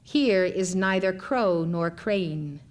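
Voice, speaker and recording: Calm, wise old housewife, gentle and unhurried, read by a woman lecturer. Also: fairly low pitch, a little hiss or hum.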